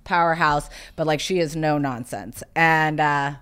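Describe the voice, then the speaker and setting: Chatty woman with a lowish voice. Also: measured pace, a bit bright, clear, resonant tone. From South Carolina. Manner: chatty storyteller, fillers of "like". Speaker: podcast guest. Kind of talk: casual interview chat.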